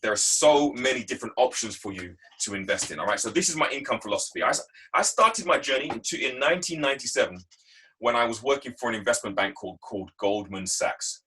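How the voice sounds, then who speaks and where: On a video call, an English guest speaker gives a motivational talk, recounting stories from his working life with emphatic repetition. His medium-pitched voice is sharp and slightly rough, he talks fast, and the recording quality is low.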